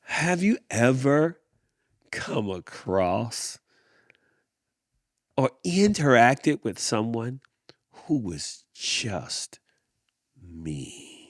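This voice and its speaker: An animated man hosting a podcast, whose pitch rises and falls all over as he talks. He speaks slowly and repeats words as he thinks, and his voice sounds close and dry. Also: no echo. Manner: uses y'all. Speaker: podcast host. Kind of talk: storytelling and reflective talk.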